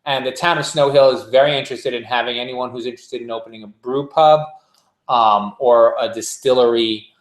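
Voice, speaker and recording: A man's voice: mid-range voice, steady tone, a little fast. A man, co-hosting a casual beer podcast, chatty and rambling, laughing often. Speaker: podcast co-host. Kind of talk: casual chat. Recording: echoey room.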